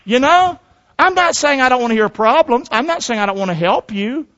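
A middle-aged pastor delivers a sermon in a high-pitched male voice, drawing the congregation in with questions and calls for agreement. The recording sounds muffled and lo-fi. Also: animated, brisk, fairly bright tone. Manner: call-and-response preaching with frequent "amen?".

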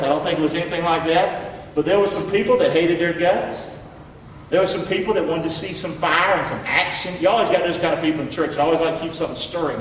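High-voiced preacher in an echoey hall. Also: male voice, a little fast, far from the mic, slight background noise. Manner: folksy, emphatic, calls for amens. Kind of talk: sermon. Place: church.

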